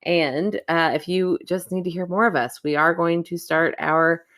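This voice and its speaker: A woman's voice: fairly low pitch, steady tone, fairly bright tone. Playful, teasing woman podcast co-host. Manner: playful, teasing, quick to laugh. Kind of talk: casual chat.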